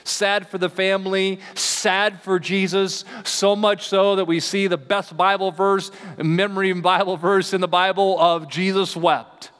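A man delivers a sermon in a conversational tone, now and then slowing right down to drive a line home. His voice sits a bit high for a man. A long reverb trails each phrase, as in a big church hall. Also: level tone, a bit bright, smooth. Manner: conversational preaching, slows for emphasis. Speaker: pastor.

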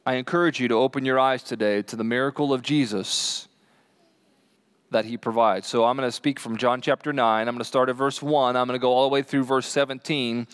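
A man's voice: medium pitch, fairly even intonation, brisk, a bit bright, clean tone. A man preaching a sermon as a pastor in a church, chatting and asking the congregation questions. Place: church sanctuary.

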